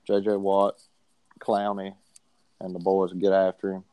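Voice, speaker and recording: A man with a low voice talks football in a loose, slangy way. He makes cocky predictions with total confidence. The sound is dry and close. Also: monotone, a little slow, mellow, no echo, poor audio. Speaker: co-host picking games. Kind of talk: casual sports chat.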